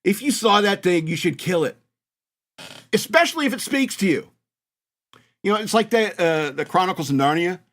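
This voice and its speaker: An American man hosting a talk radio show in a casual comedic monologue. His voice sits a little high for a man, and he rambles along in a mocking tone, laughing at his own jokes. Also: expressive, normal speed, long pauses, a bit bright. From United States.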